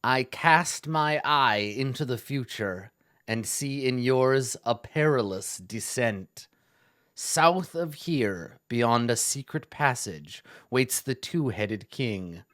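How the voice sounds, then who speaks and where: A man voicing a mad wizard who speaks slowly in a put-on mysterious, theatrical tone. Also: medium pitch, animated, a bit bright, no room sound, clean studio sound. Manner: slow, portentous delivery.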